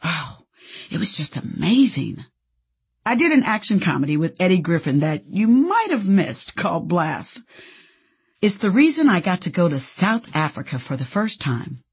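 A woman's voice: fairly low pitch, sing-song, moderate pace, breathy edge. A woman from Indianapolis, an actress, narrating her own memoir in a candid, playful storytelling manner. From Indianapolis, USA.

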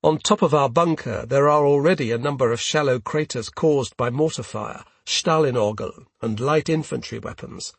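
Gravelly, husky man narrating a memoir. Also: mid-range voice, no room sound. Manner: measured, grave. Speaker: audiobook narrator. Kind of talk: first-person audiobook narration.

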